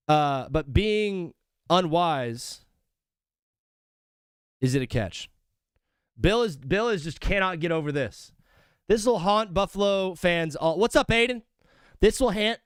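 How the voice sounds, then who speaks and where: A young man hosts a live sports stream, rambling from topic to topic with a jokey, loose manner. His voice sits a bit high and sounds smooth and clear. It is recorded close and dry, with no room sound. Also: no room sound. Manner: rambling, jokey, calls viewers brother. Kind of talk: casual live-stream chat.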